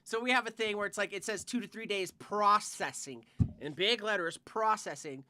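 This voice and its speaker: A man's voice: high voice, moderate pace, bright, forceful tone. A young man co-hosting a podcast, telling a rambling work story full of "like" and swearing in casual chat. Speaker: podcast co-host.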